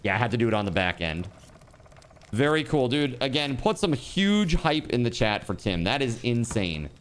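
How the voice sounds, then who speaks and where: A man livestreaming and reading out donations in casual chat. He swears, says dude a lot, and bursts into laughter and shouting. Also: mid-range voice, sing-song, normal speed, clear, resonant tone. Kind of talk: live stream donation reading.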